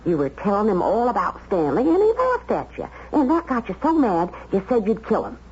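A woman's voice: mid-range voice, huge pitch swings, fairly quick, a little mellow, slightly rough. A woman playing a brassy, streetwise older hotel maid in a 1970s radio drama, slangy and nosy. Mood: knowing. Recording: dull old radio broadcast with faint hiss.

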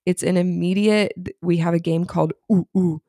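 A woman in her thirties co-hosting a podcast, chatting casually and telling lively stories about parenting a child with diabetes. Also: lowish voice, normal speed, dry recording, clean studio sound. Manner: chatty, animated storytelling. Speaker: podcast co-host. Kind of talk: casual chat.

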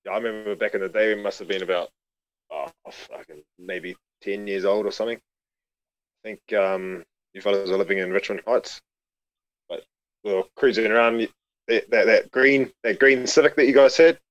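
A man's voice: on the low side, fairly even intonation, normal speed. A man recalling childhood stories in a casual chat, easygoing and swearing casually. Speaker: podcast guest. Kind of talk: casual storytelling. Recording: dull lo-fi sound.

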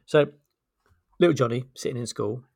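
A man's voice: mid-range voice, normal speed, vocal fry, a little mellow, no room sound, studio quality. A man, a podcast co-host, chatting casually and telling jokes. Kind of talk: casual chat.

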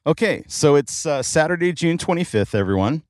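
A middle-aged man hosting a casual podcast chat in a car, joking and excitable, with many fillers. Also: a little high, moderate pace, no room sound, clean studio sound. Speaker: podcast host. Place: in a car in traffic.

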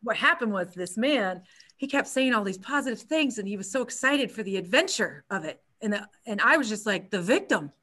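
A woman yoga instructor telling a story in a casual interview, chatty and animated with many restarts. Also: mid-range voice, fairly quick.

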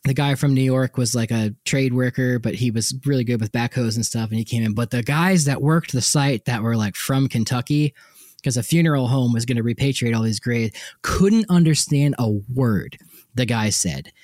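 A young man co-hosting a podcast, telling stories in a casual, animated way with lots of laughter. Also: moderate pace, no room sound, studio quality. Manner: animated, laughing, frequent likes and jumpy pitch. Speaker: podcast co-host. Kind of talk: casual storytelling chat.

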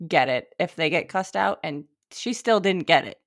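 Young woman, lowish voice, dry and blunt, swears casually while chatting. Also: animated, normal speed. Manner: wry, blunt chiming-in with swearing. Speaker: podcast co-host. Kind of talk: casual chat.

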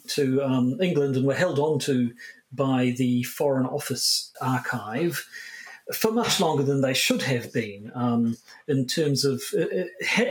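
A man hosting a podcast, explaining a history topic in a casual, hesitant way with frequent restarts. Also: medium pitch. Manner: hesitant, many restarts and fillers. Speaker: podcast host.

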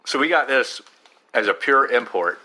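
Dry joking guy reviewing snacks, bouncy bright voice. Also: medium pitch, expressive, normal speed. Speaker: podcast co-host. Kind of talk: casual snack-review chat.

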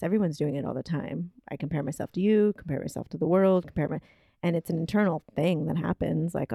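Low, gravelly-voiced woman chatting. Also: brisk, mellow, dry recording, clean studio sound. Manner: thoughtful, rambling with many fillers. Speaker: podcast co-host. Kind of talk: casual conversational chat. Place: kitchen table.

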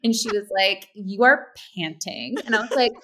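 A woman in her thirties, a podcast co-host chatting casually and acting out quoted lines with sudden pitch jumps. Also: moderate pace, sharp tone, slight background noise. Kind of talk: casual chat.

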